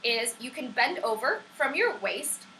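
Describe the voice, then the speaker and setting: A woman's voice: high voice, very animated, unhurried, bright, forceful tone, slight background noise, poor audio. A young woman at home teaching a casual online singing lesson, chatty, encouraging and prone to tangents. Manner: upbeat and encouraging. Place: at home on camera.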